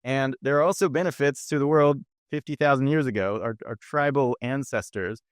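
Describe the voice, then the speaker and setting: Man, podcast guest, smooth resonant voice, dry close sound, earnest explanatory talk. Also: medium pitch, brisk, no echo. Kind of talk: conversational interview.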